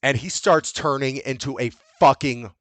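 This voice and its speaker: A man hosting a podcast, recapping a movie in casual, profane, animated chat. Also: mid-range voice, normal speed, no room sound. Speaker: podcast host.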